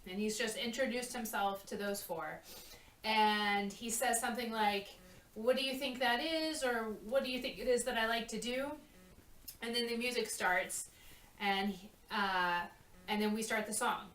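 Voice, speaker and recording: A woman's voice: on the high side, normal speed, a bit bright, a little hiss or hum. Chatty woman teaching a dance routine. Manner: chatty, checks in with "okay?". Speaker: choreographer. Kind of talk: dance walkthrough. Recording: echoey room, mic at a distance.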